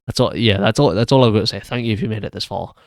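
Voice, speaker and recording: A man reviews films in a loose, unscripted way, often stumbling and restarting his sentences. His voice sits fairly low. The sound is dry and close, with no room around it. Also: very fast, no room sound. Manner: hesitant, many restarts and fillers. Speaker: film reviewer. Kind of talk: casual solo video commentary.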